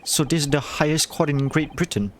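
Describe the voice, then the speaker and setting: A man streaming a game who gives excitable, casual commentary, swearing and trailing off. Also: a little high, a little fast, a little hiss or hum.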